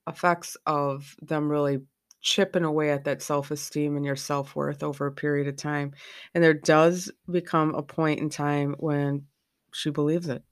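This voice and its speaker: A middle-aged woman hosts a podcast, speaking frankly and candidly from personal experience. Her low voice has a level tone, normal pace, and a clear, resonant quality, recorded in studio quality with no room sound.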